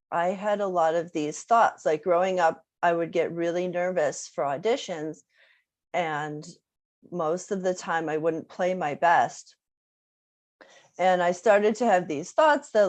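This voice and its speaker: Woman music teacher presenting a workshop, lower voice, slow unhurried pace, chatty with lots of "um" and "right?". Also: a little mellow. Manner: conversational, many fillers and tag questions. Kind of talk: casual online presentation.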